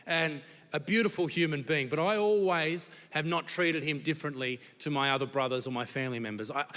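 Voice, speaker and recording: Aussie guy telling crude stories on stage, bright and kinda high, big echoey theatre. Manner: crude, animated storytelling with crowd laughter. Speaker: stand-up comedian. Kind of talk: stand-up comedy set. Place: large old theatre on stage. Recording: long theatre reverb from stage.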